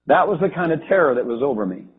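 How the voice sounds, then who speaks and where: A man telling a first-person account of a vision, halting and restarting as he goes. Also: a little high, lively intonation, breathy edge. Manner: halting, with frequent restarts and fillers. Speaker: storyteller recounting a religious vision. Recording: tinny phone-like lo-fi recording.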